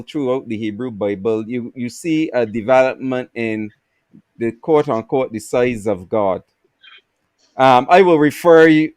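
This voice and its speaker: This man speaks slowly over a video call, searching for words and restarting often as he explains. The sound is dry and close, with no room around it, and his pitch sits at an ordinary middle. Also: a little mellow, no echo. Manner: halting, many fillers and restarts, explanatory. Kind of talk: casual livestream discussion.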